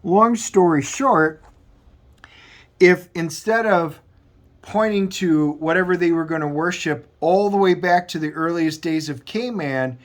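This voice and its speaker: A man's voice: a little high, a little slow. Rambling man recapping a comic. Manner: rambling, loose retelling with frequent restarts. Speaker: comic book review host. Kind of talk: casual plot recap.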